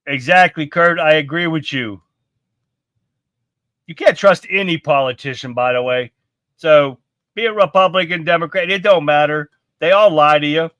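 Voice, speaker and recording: Blunt, ranting man with a bright voice. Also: on the high side, moderate pace, no room sound, dull audio. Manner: blunt, profane, ranting, reads viewer comments aloud. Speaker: live stream host. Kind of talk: political commentary live stream.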